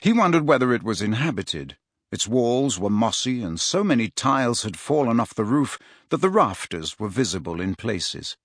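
An audiobook narration by a man with a voice of middling pitch. He reads in a measured, expressive way, with dry close miking and no room sound. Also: dry recording. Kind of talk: scripted narration.

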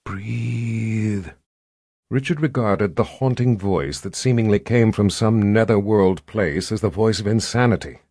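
A man narrating a fantasy audiobook with measured, dramatic pacing and drawn-out pauses. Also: on the low side, a little mellow, no room sound, clean studio sound.

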